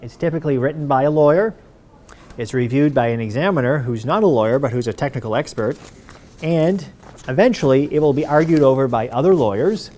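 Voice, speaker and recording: A man's voice: medium pitch, a little mellow. Methodical man lecturing on patents. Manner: clear, methodical explaining with rhetorical questions. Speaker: university patent counsel lecturing.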